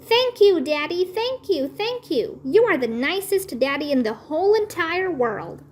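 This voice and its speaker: A woman voicing an excitable, bossy little first-grade girl from a children's storybook, speaking shrill, pleading and overexcited. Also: measured pace, slight background noise. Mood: excited. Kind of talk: children's storybook read-aloud.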